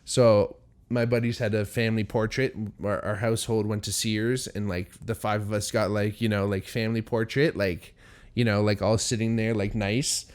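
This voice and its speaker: A man's voice: fairly low pitch, level tone, moderate pace, clean tone. A young man hosting a podcast, telling a story in a rambling, profane, worked-up way. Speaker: podcast host. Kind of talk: casual storytelling monologue.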